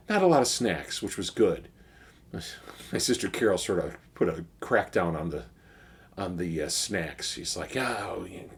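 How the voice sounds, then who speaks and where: A middle-aged man with a husky, fairly low voice and a Chicago accent chats casually in his beer review video. He sounds laid-back, sighing and using fillers as he goes.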